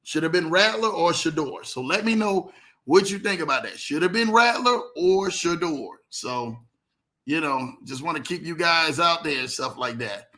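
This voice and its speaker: A man hosting a casual livestream, animated, greeting viewers by name and telling stories in loose slang. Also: a little high, normal speed. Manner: animated, reads out viewer comments, Southern US slang. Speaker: livestream host.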